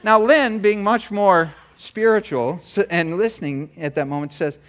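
A middle-aged man preaching a sermon, telling a personal story in a chatty, animated way with many asides. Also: high-pitched, moderate pace. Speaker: pastor. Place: church sanctuary.

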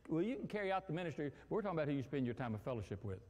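A male pastor preaching a sermon in an animated, humorous way, acting out everyday scenes. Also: fairly high pitch, very fast, in a large hall. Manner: animated, acts out quarrels and phone calls with humor.

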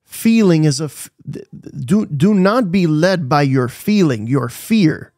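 A man's voice: fairly high pitch, animated, measured pace, darkish tone, dry recording, studio quality. A man preaching a devotional sermon, asking the listeners questions and repeating his key phrases with emphasis.

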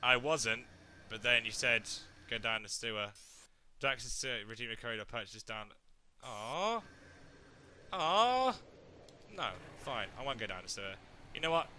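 A young man chatting through a video game playthrough in a jokey, excitable way. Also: mid-range voice, moderate pace, slight background noise. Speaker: let's play gamer. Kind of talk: casual game commentary.

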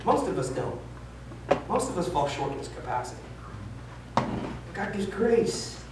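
A man's voice: high voice, very animated, unhurried, heavy background noise. A man in his thirties preaching a sermon as pastor, candid and self-deprecating, with emphatic stretches. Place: church sanctuary. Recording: echoey church hall from a distance.

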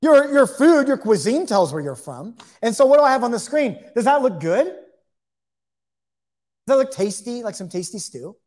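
A man's voice: very high-pitched, very animated, normal speed, darkish tone. A man teaches a Bible lesson to camera indoors. His talk is loose and conversational, full of asides and repeated phrases as he works through his points.

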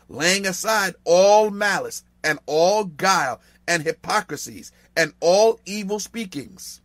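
Emphatic higher-voiced male Bible teacher. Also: no echo. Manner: emphatic, repeats key phrases, swings from loud stress to hushed asides. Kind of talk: Bible study lesson.

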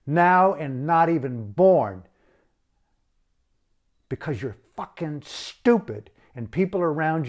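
A man's voice: medium pitch, darkish tone. A man delivering an impassioned, blunt and profane rant as an activist.

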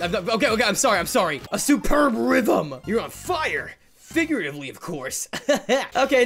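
A woman giving casual gameplay commentary, self-mocking and animated, swinging between groans and cheers. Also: medium pitch, vocal fry. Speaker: gaming YouTuber.

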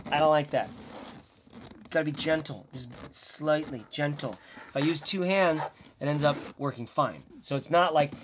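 A man's voice: on the high side, a bit bright, a little hiss or hum. A man giving a casual vlog review of bags, chatty and rambling with playful asides. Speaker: bag reviewer.

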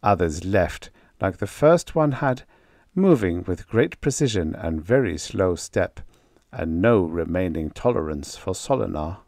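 A man narrating a science fiction short story as an audiobook, reading slowly and deliberately. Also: low-pitched, expressive, darkish tone, dry recording, clean studio sound. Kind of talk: scripted narration.

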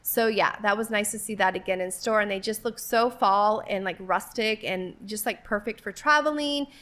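A woman's voice: mid-range voice, normal speed, fairly bright tone. A woman in her forties chatting casually as she walks through a store filming a vlog, rambling and giggling often. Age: 40s. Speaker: vlogger. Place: inside a retail store.

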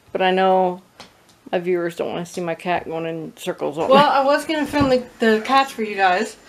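A woman filming herself at home, telling a story-time vlog in a chatty, animated, blunt way. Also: medium pitch, normal speed, long pauses. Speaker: vlogger. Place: at home with her cats. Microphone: own phone or camera, self-filmed.

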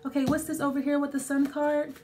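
Casting note: woman tarot reader, high voice, rambling and conversational. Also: little pitch movement, brisk, a little mellow, slight background noise. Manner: thinking aloud, many restarts and fillers. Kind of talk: casual tarot reading.

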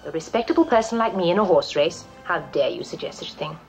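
Mary Poppins the prim nanny. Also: female voice, fairly low pitch, animated, creaky, darkish tone, soft background music, rough recording. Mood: indignant. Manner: haughty, quick denial. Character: prim strict nanny, young woman, indignant.

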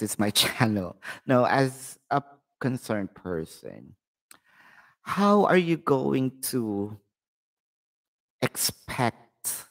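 Lively, slow-talking Filipino man reading tarot. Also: mid-range voice. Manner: chatty and direct, addressing viewers. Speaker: tarot reader and channel host. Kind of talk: live-streamed tarot reading, casual talk to viewers.

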